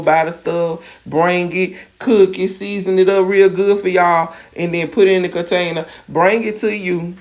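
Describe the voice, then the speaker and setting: A woman's voice: fairly low pitch, darkish tone. A woman with a Louisiana accent, chatting sassily while demonstrating a recipe in a home kitchen. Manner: sassy, chatty, coaxing. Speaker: home cook. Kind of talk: cooking demonstration. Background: faint sizzling pan.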